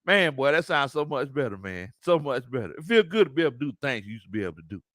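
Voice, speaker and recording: His voice sits in the mid range as he hosts a casual live sports stream, reading chat and laughing frequently while drawing out his colloquial speech. The man, a sports talk show host, sounds animated, and the clean studio audio has no room sound.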